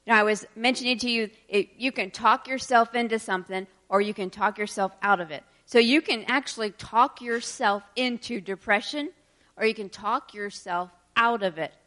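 A woman preaches a sermon, reading scripture verses slowly and with emphasis. She then explains them in quicker asides, laughing between points. Her voice is on the high side and a bit bright.

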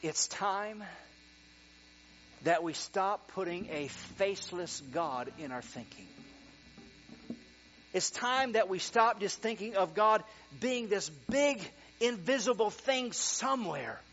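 Animated high-voiced preacher man, dull hum. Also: slow, long pauses. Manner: animated, swings from quiet to excited near-shouting. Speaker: pastor. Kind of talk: sermon. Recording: dull lo-fi sound with mains hum.

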